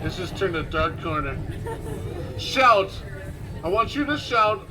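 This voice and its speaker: A commanding, theatrical man runs an interactive outdoor street show, trading dry sarcasm with the audience. His voice sits high for a man. A lively crowd and steady outdoor noise sit behind him. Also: slow pace. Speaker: street performer leading a crowd. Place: outdoor festival stage.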